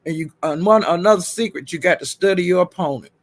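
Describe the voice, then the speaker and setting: A man's voice: high voice, quick pace. A man hosting a livestream in casual commentary, giving blunt, profane advice. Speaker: livestream host.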